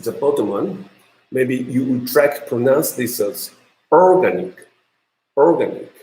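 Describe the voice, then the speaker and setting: Slow, halting lecturer in an echoey room. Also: male voice, mid-range voice, darkish tone. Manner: halting, many ums and uhs. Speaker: university lecturer. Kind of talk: classroom lecture on pronunciation.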